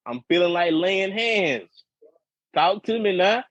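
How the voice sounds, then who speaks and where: A husky-voiced man rambles through a profane, repetitive story on a casual podcast. His sound is dry and close, with dull, lo-fi podcast audio that lacks any sparkle. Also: sits high, expressive, takes it slowly, a bit bright, no echo. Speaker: podcast co-host.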